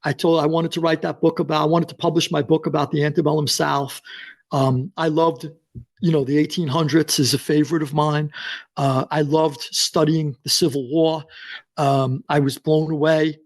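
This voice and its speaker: Brief: New man, fairly high voice, animated guest storyteller who plays out the back-and-forth. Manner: acts out dialogue in quotes, fast and excited. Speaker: guest author.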